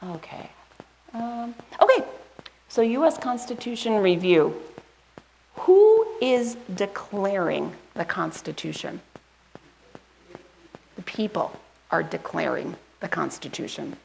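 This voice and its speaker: A woman's voice: medium pitch, big pitch swings, gravelly, a little mellow, slight background noise, poor audio. A woman pastor, giving a casual sermon and chatting with her congregation as she runs through a list. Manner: chatty, asks the congregation questions; rushes through a list, skipping items. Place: church sanctuary.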